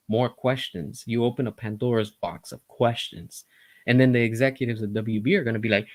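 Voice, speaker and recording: A man giving casual, opinionated commentary, speaking directly to his viewers with animated emphasis. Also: mid-range voice, brisk, no echo. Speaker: entertainment news commentator.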